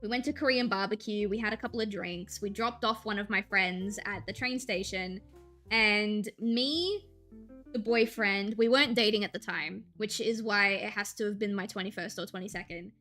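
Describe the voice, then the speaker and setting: A woman's voice: medium pitch, normal speed, pushed and bright, faint music behind. A woman in her twenties, a streamer, casually telling a story while drawing, laughing often and slipping into quoted voices.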